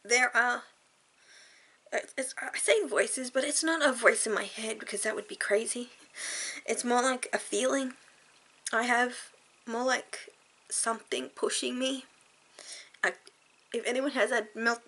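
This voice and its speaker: A tearful woman talking frankly and earnestly to camera in a personal vlog, halting and sighing. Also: a little high, pushed and bright. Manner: earnest and heartfelt, halting with sighs. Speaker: vlogger.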